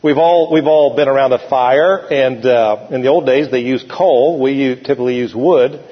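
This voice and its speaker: Preacher in a reverberant church hall. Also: male voice, medium pitch, normal speed, breathy edge, dull audio. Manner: folksy, animated preaching with call-and-response. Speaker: pastor. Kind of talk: sermon. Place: church sanctuary.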